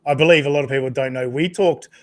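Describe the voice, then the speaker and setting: A man's voice: mid-range voice, fast. An Australian man co-hosting a casual chat, laid-back and joking, swearing freely. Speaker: co-host.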